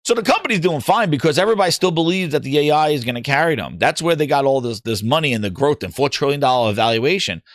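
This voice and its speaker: A man's voice: a little high, animated, fast, few pauses, no echo, clean studio sound. A man hosting a gaming livestream, talking casually, reading chat aloud and joking in mocking voices.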